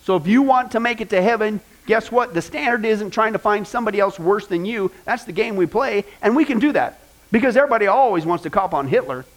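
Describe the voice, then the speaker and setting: A man with a high voice leads a Bible class in a loose, conversational style. He is animated and quick to joke, and he tells vivid stories as he teaches. He speaks into a microphone. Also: poor audio. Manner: animated and joking, with vivid asides.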